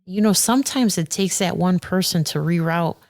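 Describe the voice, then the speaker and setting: A woman who is a circuit judge, talking earnestly and warmly as a podcast guest, getting animated when she quotes people. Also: on the low side, normal speed. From Aurora, Illinois. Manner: earnest and heartfelt, animated when quoting others. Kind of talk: casual interview conversation.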